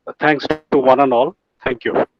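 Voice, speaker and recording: A man's voice: mid-range voice, steady tone, normal speed, highs cut off, slight background noise. A man giving a formal, ceremonious vote of thanks with respectful forms of address.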